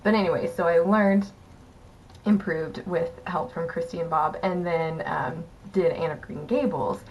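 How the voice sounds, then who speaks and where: A young woman with a fairly low voice tells an anecdote in a casual, chatty way. She fills her sentences with "um" and "like" and laughs often as she talks. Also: steady tone, a little slow, lo-fi sound, a little hiss or hum. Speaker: former theater company member. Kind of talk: casual storytelling.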